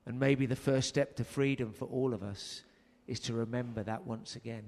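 A man's voice: medium pitch, steady tone, normal speed, darkish tone. Preacher man in a reverberant hall. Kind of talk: sermon.

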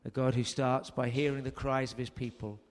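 A man's voice: medium pitch, fairly even intonation, a little fast. A man preaching a sermon, telling a story earnestly and raising his voice for emphasis. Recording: long hall reverb.

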